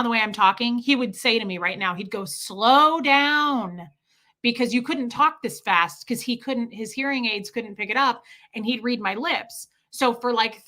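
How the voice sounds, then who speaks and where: A woman hosting a livestream, answering viewer questions in a casual, animated, rambling way. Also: a little high. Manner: animated rambling storytelling, quick bursts. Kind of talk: casual chat.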